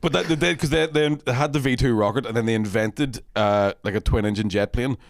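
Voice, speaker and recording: A man's voice: medium pitch, fairly quick, gravelly, no room sound, clean studio sound. A young man, co-hosting a podcast in loose, jokey banter with friends. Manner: jokey, laughing a lot, slipping into mock voices. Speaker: podcast co-host. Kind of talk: casual banter among friends.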